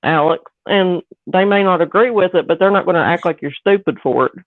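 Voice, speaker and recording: A woman's voice: on the low side, brisk, no echo. Southern woman on a tinny phone line. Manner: chatty, rambling, mimics others. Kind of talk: casual livestream chat. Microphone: phone or call audio.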